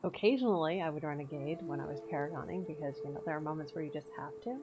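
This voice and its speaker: A woman's voice: low voice, rapid-fire, muffled recording, background noise. A woman streamer chatting casually over gameplay, laughing often and swearing freely. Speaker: game streamer.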